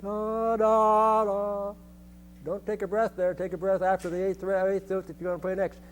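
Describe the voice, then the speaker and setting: A man's voice: high voice, little pitch movement, quick pace, a little mellow, slight background noise. An older man conducting a band rehearsal, giving instructions and singing rhythms on short syllables, often repeating his phrases.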